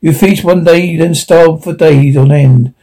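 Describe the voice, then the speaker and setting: A man's voice: on the high side, a little slow, mellow. A man voicing a curt, stern frontier planter. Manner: curt and commanding. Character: gruff human planter, hard and stubborn.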